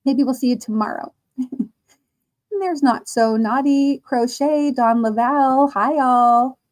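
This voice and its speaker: A woman hosting a casual crochet livestream, reading out chat comments and laughing often while she crochets. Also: high voice. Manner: slow, chatty, laughs often. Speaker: livestream host.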